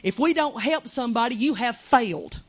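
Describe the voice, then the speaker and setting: A woman's voice: on the high side, lively intonation, moderate pace. A woman preaching a fervent, conversational sermon in a small church.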